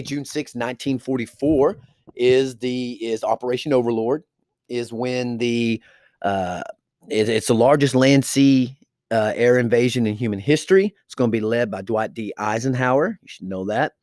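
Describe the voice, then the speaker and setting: Guy teaching history class, kinda low voice, dry recording, rambly and casual. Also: darkish tone, dry recording. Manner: informal, many fillers and restarts, talks to students directly. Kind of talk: classroom lecture.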